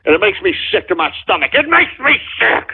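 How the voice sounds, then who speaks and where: Angry high-voiced ranting radio host. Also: male voice, very animated, brisk, creaky, slight background noise. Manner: angry, profane, shouting insults at trolls. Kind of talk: ranting call-in radio talk. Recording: tinny phone-like sound.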